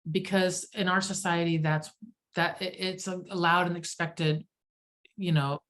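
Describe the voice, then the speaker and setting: Woman, host, casual chat, animated, self-deprecating, slightly low pitch. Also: measured pace.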